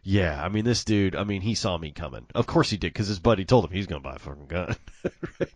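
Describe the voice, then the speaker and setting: A man telling a casual anecdote in an animated, self-amused way, acting out the dialogue. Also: low-pitched, fast, dry recording.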